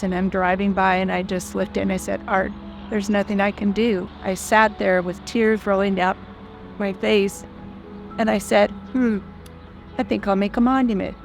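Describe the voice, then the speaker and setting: An older woman in her sixties tells her story in an earnest, heartfelt, plain-spoken way. Her voice sits at a middle pitch and stays quite flat and level. Soft music plays faintly behind her. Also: creaky. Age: 60s. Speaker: foundation founder. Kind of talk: personal storytelling.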